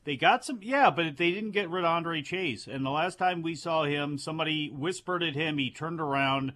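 A man co-hosts a radio talk show and argues his opinions emphatically. His voice sits a little high and comes out bright and forceful. He speaks in a casual, conversational way. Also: moderate pace. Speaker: radio co-host.

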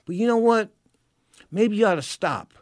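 A middle-aged man from San Francisco hosting a talk radio show, telling stories in an emotional, animated way with repeated phrases. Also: high-pitched, normal speed, no echo, clean studio sound. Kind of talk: storytelling talk radio monologue.

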